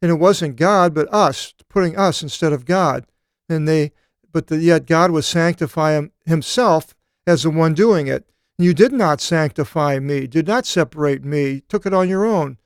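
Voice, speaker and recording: A man teaching a Bible study seminar, reading scripture aloud and explaining it, with thoughtful pauses and occasional fillers. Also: a little high, clean tone, no echo, clean studio sound.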